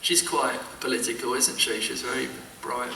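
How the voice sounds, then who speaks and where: A man's voice: medium pitch, fairly even intonation, normal speed, vocal fry, very noisy. A man telling rambling anecdotes as a guest in a casual convention panel chat. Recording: roomy echo, mic far off.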